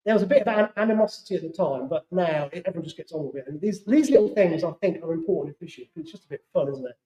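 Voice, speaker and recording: A man's voice: fairly high pitch, expressive, racing, dark tone, muffled recording. A middle-aged English man giving a live talk to an audience, telling fishing stories in a chatty way. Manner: chatty storyteller, acts out other people's lines. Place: club hall. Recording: roomy hall echo.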